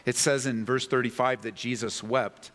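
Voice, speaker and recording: A man's voice: mid-range voice, fairly even intonation, moderate pace, a bit bright, in a large hall. A man preaching a sermon as a pastor, earnest and pleading, building to impassioned peaks.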